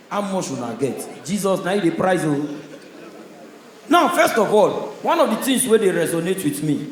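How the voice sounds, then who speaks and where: A man with a Nigerian accent performing stand-up comedy, telling stories in a loud, punchy way. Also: sits high. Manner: loud, punchy storytelling with audience laughter. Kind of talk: stand-up comedy in Pidgin English. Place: stage in a large hall. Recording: echoey live hall sound.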